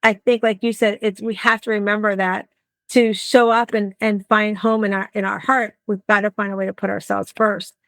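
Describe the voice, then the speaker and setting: A woman's voice: medium pitch, level tone, normal speed, fairly bright tone, dry recording. A woman hosting a podcast interview, chatting casually and acting out little exchanges with her clients. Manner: chatty, acts out bits of client talk. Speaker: podcast host and coach.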